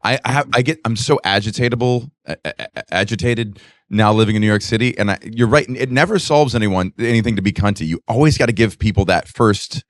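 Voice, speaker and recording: A man's voice: on the low side, fairly quick, few pauses, dry recording, studio quality. A man, a comedian co-hosting a podcast, chatting casually and candidly, with some swearing. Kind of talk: casual chat.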